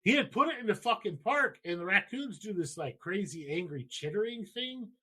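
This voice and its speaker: A man's voice: high voice, animated, moderate pace, sharp tone, breathy edge. A man in his thirties hosting a podcast, telling a story in a loose, profane, rambling way. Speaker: podcast host. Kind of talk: casual storytelling.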